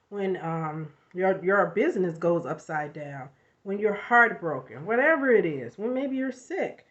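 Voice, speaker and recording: A woman vlogging casually about self-help, chatty and animated, with frequent asides and a slight cough after illness. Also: on the low side. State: recovering from covid, coughing. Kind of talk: casual motivational vlog. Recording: lo-fi home recording.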